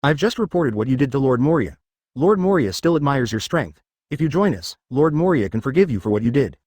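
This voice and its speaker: A man's voice: mid-range voice, sing-song, fairly quick, a little mellow, no echo. A smug, cornered crime boss read by a man in a plain, level tone. The delivery still rises and falls a lot from line to line. The sound is close and dry.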